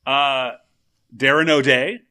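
A man's voice: mid-range voice, steady tone, slow, sharp tone. A man co-hosting a podcast in casual chat, joking and poking fun at himself. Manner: joking, self-mocking. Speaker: podcast co-host.

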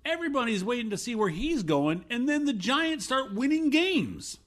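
Animated sarcastic New York man. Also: very high-pitched, normal speed. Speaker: podcast co-host. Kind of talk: casual sports chat.

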